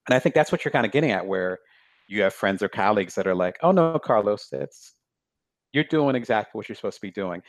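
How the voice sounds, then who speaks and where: A man speaks in a relaxed, reflective way about his work as an author, often pausing on fillers. His voice sits on the low side, and the sound is dry and close with no room echo. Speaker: author, guest. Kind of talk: casual conversation.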